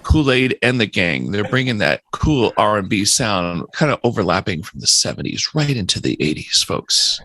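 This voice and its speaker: A man putting on the voice of a smooth late-night radio DJ, with hammy announcer patter. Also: fairly low pitch, very animated, moderate pace, few pauses, pushed and bright, dry recording, heavily acted. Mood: groovy.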